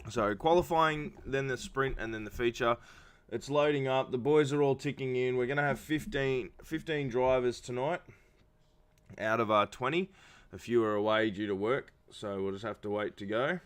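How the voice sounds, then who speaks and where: A man's voice: mid-range voice, normal speed, clear, resonant tone. A man doing casual live-stream commentary for an online racing league, talking with many fillers while feeling unwell. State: not feeling well.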